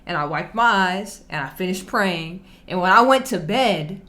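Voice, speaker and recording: A woman's voice: fairly low pitch, expressive, moderate pace, sharp tone. A woman hosting a reaction video, telling her own story in a chatty, slangy, laid-back way. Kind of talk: casual reaction commentary.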